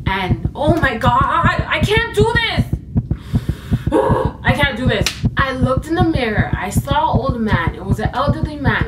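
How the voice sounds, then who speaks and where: A woman's voice: sits high, very noisy. A woman telling her own ghost story as a casual storytime vlog, emotional and dramatic, with sighs and exclamations. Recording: voice a bit distant from the mic.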